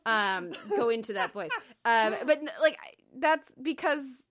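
A woman's voice: a little high, lively intonation, a little slow, crowd noise. A woman hosting a TV podcast in casual chat, talking through her analysis with many fillers and laughs. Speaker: podcast co-host.

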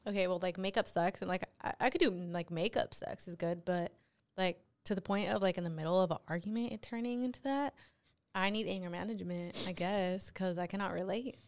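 A woman's voice: fairly low pitch, fairly quick, smooth. A woman hosting a casual podcast chat, talking bluntly and swearing freely. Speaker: podcast host.

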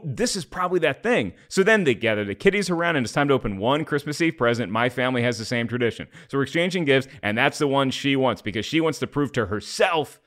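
A man's voice: mid-range voice, fairly bright tone. A man co-hosting a movie review podcast, telling stories in a wry, rambling casual chat with stammered restarts. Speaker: podcast co-host.

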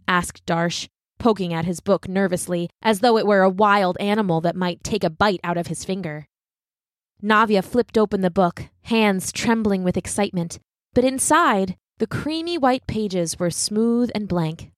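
A woman narrating a children's storybook in an expressive, animated way. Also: mid-range voice, normal speed, dry recording, studio quality.

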